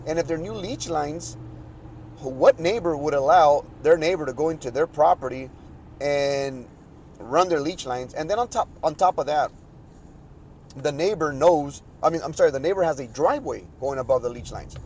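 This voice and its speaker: A slightly high-pitched man talks in a casual, rambling podcast monologue, stumbling and restarting as his frustration builds. Faint outdoor street noise sits under his voice. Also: moderate pace, darkish tone, low-quality recording. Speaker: podcast host.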